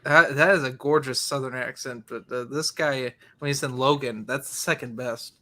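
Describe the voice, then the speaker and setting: A man hosting a casual online movie watchalong, excitable and quick to laugh, chatting with friends. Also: mid-range voice. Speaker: watchalong host. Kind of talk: casual group chat over a movie.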